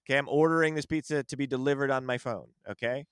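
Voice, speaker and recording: A man, a comedian podcast host, in casual chat, telling a story in an animated way and defending his side emphatically. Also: mid-range voice, fast talker, clean tone, dry recording, clean studio sound.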